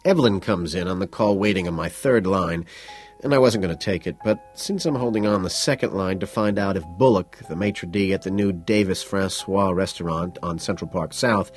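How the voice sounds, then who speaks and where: A man narrating an audiobook in the first person, his voice sitting fairly low. He reads with cool, flat detachment, as if listing facts. Quiet music plays faintly behind him. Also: normal speed.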